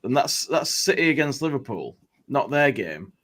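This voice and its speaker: A man co-hosting a football podcast, chipping in with wry remarks. His pitch moves a lot, which gives him an animated, sing-song delivery. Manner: quick quips and wry asides. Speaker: podcast co-host. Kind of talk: casual podcast chat.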